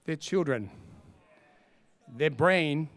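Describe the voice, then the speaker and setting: A man preaching a sermon, animated and humorous, acting out little scenes. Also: fairly high pitch, drawn-out words. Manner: animated, humorous, acts out quotes. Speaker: pastor.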